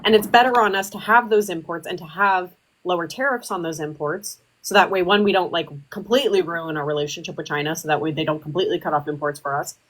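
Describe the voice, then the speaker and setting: Lady host with a lowish voice, talking through politics with lots of ums. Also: quick pace, poor audio. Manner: rambling with many fillers. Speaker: livestream host. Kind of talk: casual political debate.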